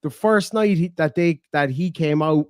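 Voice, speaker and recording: A man's voice: on the high side, moderate pace, smooth, no room sound, studio quality. A man hosting a casual late-night stream, telling stories with lots of swearing and laughter. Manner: profane, laughing storyteller. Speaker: streamer host.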